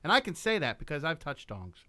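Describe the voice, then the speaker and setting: A man's voice: on the high side, huge pitch swings, crowd noise. A man co-hosting a podcast, talking bluntly and crudely in casual chat. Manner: blunt, crude, quick reactions. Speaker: podcast co-host.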